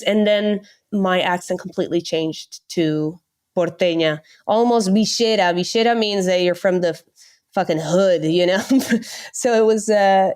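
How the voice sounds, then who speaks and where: Dutch woman telling lively travel stories. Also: on the low side, smooth. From Netherlands. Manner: animated storyteller who mimics others' voices. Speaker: podcast guest. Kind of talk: casual interview chat.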